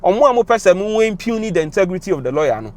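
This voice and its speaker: A man's voice: sits high, big pitch swings, rapid-fire, a little mellow. A young Ghanaian man speaking with a Ghanaian accent, giving emotional, impassioned commentary that switches between English and Twi. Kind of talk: passionate commentary to camera.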